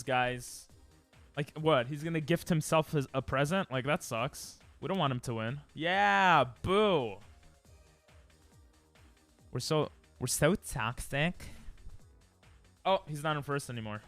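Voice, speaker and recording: Brief: male streamer, bouncy lively pitch, playful chat to viewers, faint music underneath. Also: dry recording. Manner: excitable, playful, bursts into loud squeals. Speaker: livestreamer.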